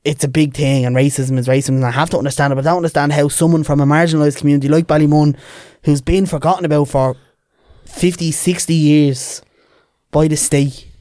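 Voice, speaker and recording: A man's voice: on the high side, brisk, no room sound, clean studio sound. A young man with a Dublin accent, a podcast guest telling stories in casual chat and putting on voices for the people in them. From Ireland. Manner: lively, animated, puts on voices in anecdotes.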